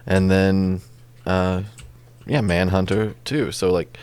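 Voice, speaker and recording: A man's voice: sits low, little pitch movement, slow, a little mellow, smooth. A man co-hosting a podcast, chatting casually with dry jokes over a game being played. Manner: dry, joking, tangent-prone. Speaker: podcast co-host. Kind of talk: casual chat over gameplay.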